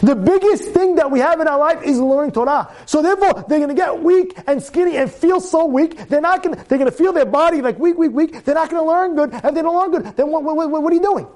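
A man's voice: extremely high pitch, quick pace, few pauses, darkish tone. A man teaching a weekly Torah-portion class. He talks emphatically, repeats his phrases and keeps firing questions at his listeners.

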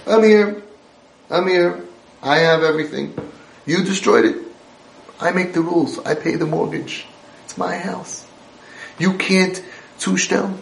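A man's voice: high-pitched, creaky, roomy sound. A man voicing a stern, dismissive father who lords it over his family and tells them to go right ahead. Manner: taunting, lording it over.

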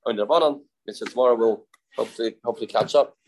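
A man teaching a daily Talmud class, explaining quickly and mixing in Aramaic terms with frequent restarts. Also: mid-range voice, slight background noise, poor audio.

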